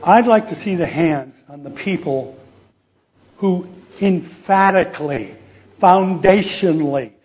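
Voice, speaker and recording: High-pitched guy preaching, jokey, keeps asking the crowd questions, sounds like it's over a phone line. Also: slow pace. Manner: jokey, quizzes the congregation. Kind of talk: sermon. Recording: tinny phone-like recording.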